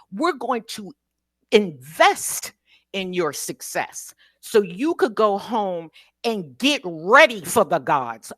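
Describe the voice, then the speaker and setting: A woman's voice: medium pitch, fairly bright tone, dry recording. An American woman calling in to an online talk show and giving an emotional speech with a preacher-like cadence. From United States. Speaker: caller. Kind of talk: impassioned call-in speech.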